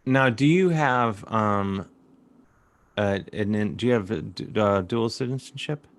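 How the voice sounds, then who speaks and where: Playful low-voiced male host. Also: measured pace, dry recording. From suburban Cleveland, USA. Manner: playful, goofy questioning. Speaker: talk show host. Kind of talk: casual comedic interview. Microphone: video call.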